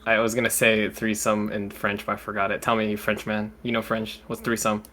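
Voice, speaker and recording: A man's voice: fairly low pitch, completely flat delivery, a little fast, sharp tone, slight background noise. A young man co-hosting a podcast, rambling, swearing and laughing at his own jokes. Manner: laughs easily, swears a lot, loose and rambling. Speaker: podcast co-host. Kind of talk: casual chat.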